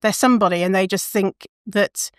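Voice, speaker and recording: Woman, podcast host, casual rambling monologue, mid-pitch, dry close mic. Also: moderate pace, smooth, dry recording. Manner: rambling, tangents, self-interrupting, swears.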